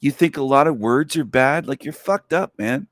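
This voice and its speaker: A man's voice: medium pitch, moderate pace, dry recording, clean studio sound. A man hosting a livestream, delivering a contemptuous, mocking rant to his viewers. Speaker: livestream host. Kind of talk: ranting livestream monologue.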